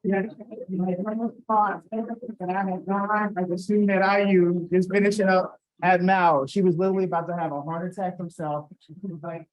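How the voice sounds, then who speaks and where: A man's voice: sits high, fairly even intonation, normal speed, muffled recording. Guy in his 40s giving a chatty award speech, tells family stories, asks the crowd stuff. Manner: conversational, retells family dialogue, asks the audience questions. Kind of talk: personal storytelling speech. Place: event hall.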